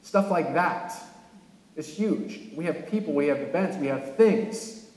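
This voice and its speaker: High-voiced man preaching in an echoey hall. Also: a little slow. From California. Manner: animated preaching with sudden emphatic rises. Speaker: pastor. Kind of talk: sermon. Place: church sanctuary.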